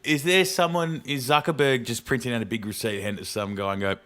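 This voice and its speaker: A man's voice: mid-range voice, fairly even intonation, fast talker, sharp tone. A man with an Australian accent, co-hosting a casual podcast, blunt, sweary and joking. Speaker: podcast co-host. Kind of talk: casual chat.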